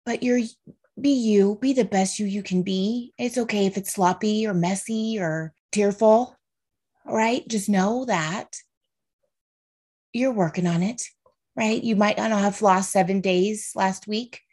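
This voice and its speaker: A woman's voice: mid-range voice, unhurried, a little mellow, breathy edge. A woman in her thirties hosting a casual solo podcast, earnest and heartfelt, speaking openly about faith and feelings and often checking in with "right?" and "okay". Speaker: podcast host.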